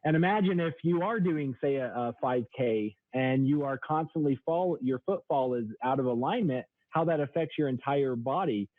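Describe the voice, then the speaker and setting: This radio guest is a thirtysomething sales trainer who explains products with a product-pitch delivery, talking at a moderate pace with hardly any pauses. The audio is a dry, tinny phone line without any room sound.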